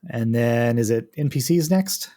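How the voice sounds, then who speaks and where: A man's voice: medium pitch, expressive, measured pace, warm tone. A man running a tabletop game as game master, patiently walking the players through rules and turns. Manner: patient, explains rules step by step.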